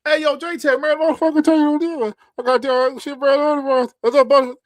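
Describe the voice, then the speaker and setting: A man putting on the voice of a loud, hyped-up male internet personality who shouts and curses in rapid bursts. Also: extremely high pitch, fairly even intonation, no echo, clean studio sound, pitched above the performer's own voice. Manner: shouting, cursing, rapid-fire.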